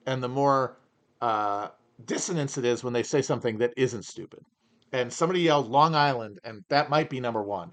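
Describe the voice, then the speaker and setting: A man hosting a livestream Q&A from his home region in the upper Midwest, talking in a rambling, wry, opinionated way with many restarts. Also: medium pitch. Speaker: podcast host. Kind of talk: livestream Q&A chat.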